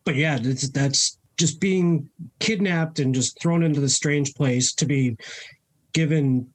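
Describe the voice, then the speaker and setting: A relaxed interviewer asking questions in a casual chat, often pausing on fillers. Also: medium pitch. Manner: relaxed, hesitant with fillers, laughs along.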